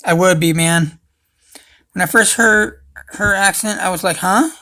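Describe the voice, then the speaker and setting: A man's voice: high voice, fairly even intonation, measured pace, sharp tone. A young man hosting a casual livestream, rambling and swearing, calling everyone dude. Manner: rambling, profane, says dude a lot. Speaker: livestream host.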